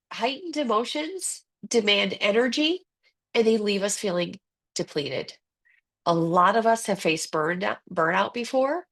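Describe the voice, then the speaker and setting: Earnest woman presenting an ADHD webinar. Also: fairly high pitch. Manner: earnest, conversational, with frequent fillers and acted-out quotes.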